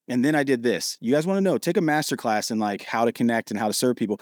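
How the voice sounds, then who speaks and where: Podcast guest, man in his thirties from Ohio; quick, animated storyteller, dry recording. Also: mid-range voice, no room sound. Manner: animated, acts out quoted dialogue.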